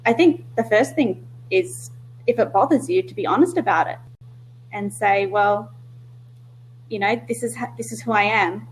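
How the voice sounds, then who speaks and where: A woman's voice: mid-range voice, moderate pace, poor audio. Brief: woman, casual discussion, frank and self-interrupting, faint hum. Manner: candid, self-interrupting, laughs easily. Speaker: discussion participant.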